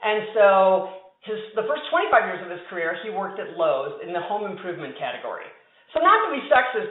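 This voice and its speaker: A woman giving a conversational keynote talk to a conference audience, telling a story with emphatic asides. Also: lowish voice. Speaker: conference speaker. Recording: tinny, echoey hall sound.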